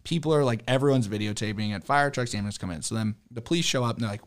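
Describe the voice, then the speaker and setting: Lively young man telling a wild story. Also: on the low side, fast talker, hardly any pauses. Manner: animated, swearing, laughing often. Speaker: car dealership worker. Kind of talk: casual storytelling in conversation.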